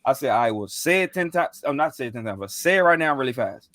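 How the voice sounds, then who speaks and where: A man's voice: medium pitch, expressive, fast, fairly bright tone, dry recording, studio quality. A young man in casual chat, telling a rambling, slangy story with lots of fillers and restarts. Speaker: podcast co-host.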